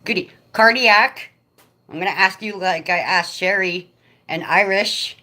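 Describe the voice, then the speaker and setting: A woman hosting a casual livestream from home, chatting excitedly with viewers by name, talking into a phone propped up in front of her. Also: mid-range voice, unhurried. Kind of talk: casual live chat.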